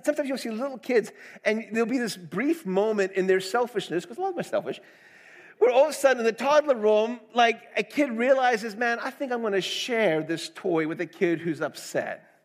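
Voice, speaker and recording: A middle-aged man preaching a sermon, earnest and conversational, asking the congregation questions. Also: sits high. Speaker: pastor.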